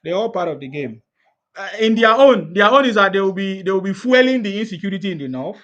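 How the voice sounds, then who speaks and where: A man's voice: sits high, animated, fast, a bit bright, dull audio. A man with a Nigerian accent in casual political chat, laughing often, repeating himself and asking rhetorical questions.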